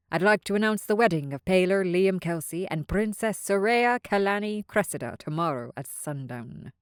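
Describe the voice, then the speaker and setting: A woman voicing a scheming male pirate king who makes formal, brisk announcements. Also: deep voice, darkish tone, no echo, clean studio sound.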